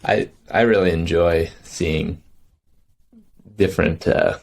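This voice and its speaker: A man's voice: deep voice, takes it slowly, vocal fry, a little mellow. A man who is a hunter, a guest on a podcast, speaking in an earnest, reflective way in casual conversation. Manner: earnest, reflective, laughs easily.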